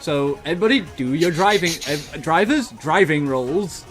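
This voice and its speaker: A male game master narrating a tabletop game. He rambles and giggles, and his high voice rises and falls a lot. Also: expressive, normal speed, music in the background. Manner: giggly, rambling, many restarts.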